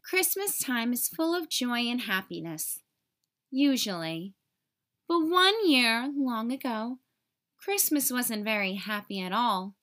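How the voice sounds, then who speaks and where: Expressive woman reading a children's story. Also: a little high, slow pace. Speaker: teacher reading aloud. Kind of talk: children's story read-aloud.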